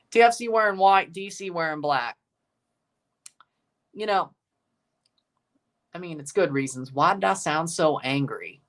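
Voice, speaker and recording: A man's voice: high voice, a bit bright. A man hosting a casual soccer watchalong livestream, rambling, chuckling and repeating himself as he reads out lineups and chats. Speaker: livestream host reading chat.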